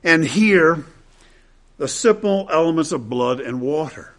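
A male preacher delivering an expository sermon at a slow, deliberate pace, his voice sitting a little higher than most men's. He repeats phrases for emphasis, rising to loud, emphatic peaks and then dropping into hushed, low tones. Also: lively intonation.

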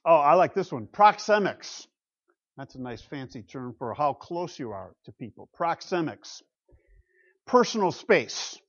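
A man's voice: on the high side, big pitch swings, a little slow, dull audio. A man preaching a sermon from the pulpit as pastor, talking conversationally and asking the congregation rhetorical questions. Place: church pulpit.

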